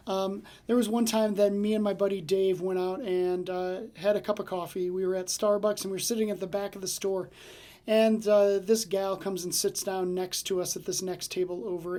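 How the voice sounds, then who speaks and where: Mellow-voiced man hosting a devotional podcast. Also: high voice. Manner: chatty storyteller, many fillers and restarts. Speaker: podcast host and ministry leader.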